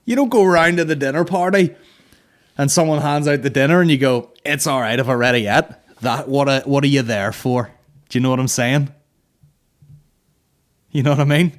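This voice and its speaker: A man's voice: mid-range voice, moderate pace, pauses often. Crude, rambling comedy podcast host, a man. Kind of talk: casual comedy podcast banter.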